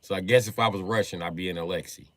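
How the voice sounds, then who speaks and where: A man's voice: low-pitched, steady tone, fast, dry recording. An American man streaming live, telling a comic story in a loose, profane, rambling way. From United States. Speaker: livestreamer.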